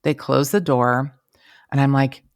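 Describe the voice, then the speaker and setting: A podcast host telling a crime anecdote in a casual, lively and profane way. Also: mid-range voice, a little slow. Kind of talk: casual storytelling.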